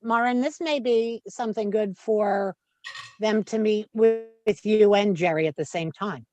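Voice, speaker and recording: A woman on a town planning board, chiming in unhurried and friendly from a distance from the microphone. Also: medium pitch, dark tone, lo-fi sound. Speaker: board member. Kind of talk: public meeting discussion.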